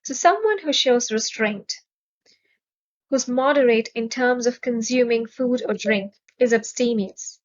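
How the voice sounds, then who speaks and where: Slow, careful woman teaching vocabulary. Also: on the high side, muffled recording. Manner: measured, clearly enunciated, stresses syllables.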